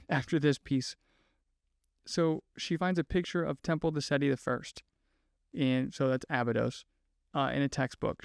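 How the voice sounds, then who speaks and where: A man's voice: mid-range voice, gravelly, smooth, no room sound, studio quality. A man hosting a podcast, telling a story in a casual, chatty way, full of fillers and asides. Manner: chatty, lots of "like" fillers, laughs at own asides. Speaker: podcast host.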